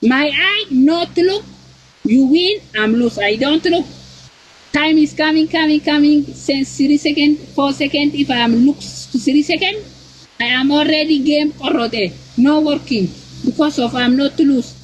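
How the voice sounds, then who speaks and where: A high-pitched man from South Africa hosting a casual live stream. He talks in halting, broken English and keeps repeating words while he searches for the next one. Faint noise hums behind him. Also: low-quality recording. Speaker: livestream host.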